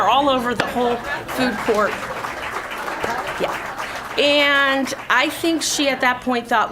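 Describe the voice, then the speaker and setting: A woman's voice: fairly high pitch, animated, slow pace, a crowd in the background, noisy background. A woman in her thirties hosting a talk show, telling a confessional story to a studio audience in a chatty way. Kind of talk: comedic monologue to a studio audience.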